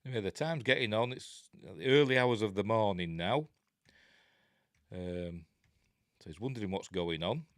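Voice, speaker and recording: A man's voice: lowish voice, normal speed, long pauses, no room sound, studio quality. A man with a Yorkshire accent, reviewing a horror film in a rambling, jokey way, full of ums and uhs. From Yorkshire, England. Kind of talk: casual film commentary.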